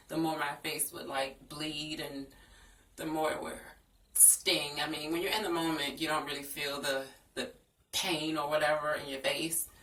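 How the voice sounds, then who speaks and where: A woman's voice: low voice, fairly bright tone. A young woman telling a personal story in a frank, earnest storytime vlog. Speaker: vlogger. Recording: echoey room, distant from the mic.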